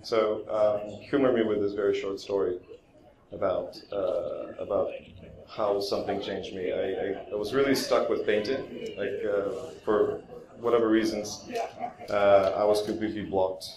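A man's voice: fairly low pitch, fairly even intonation, a little slow, crowd noise. A man speaking as a guest at an art expo, telling a story casually with many fillers, restarts and self-deprecating humor. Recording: roomy echo with faint ambience.

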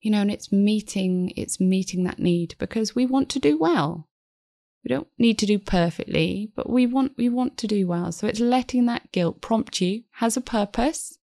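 A woman's voice: medium pitch, animated, normal speed, vocal fry, mellow, no room sound, clean studio sound. A woman guest psychotherapist talking in a podcast interview, earnest and reflective, restarting her sentences often.

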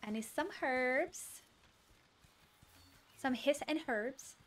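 A woman streamer reacting to a game she is playing, full of excitable yelps, exclamations and giggles. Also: high-pitched, drawn-out words. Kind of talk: live gameplay commentary.

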